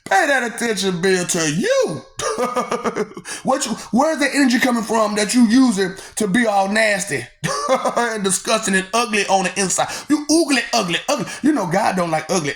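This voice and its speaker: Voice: mid-range voice, a bit bright. A vlogger ranting to the audience in a rambling, teasing way, laughing often between lines and repeating words in a sing-song manner. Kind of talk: rambling rant to the camera.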